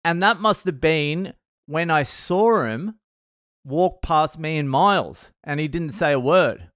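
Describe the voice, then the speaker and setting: A man's voice: fairly high pitch, takes it slowly, no room sound, clean studio sound. A man hosting a podcast, telling a long story with swearing and bursts of laughter. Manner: profane, animated retelling, laughs at himself. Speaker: podcast host. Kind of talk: storytelling monologue.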